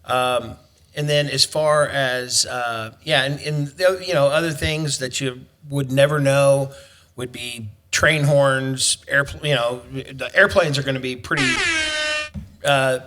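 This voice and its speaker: A man hosting a home-construction podcast, talking in a rambling, halting way. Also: medium pitch, fairly even intonation, fairly bright tone. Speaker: podcast host, construction pro. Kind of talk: casual podcast chat.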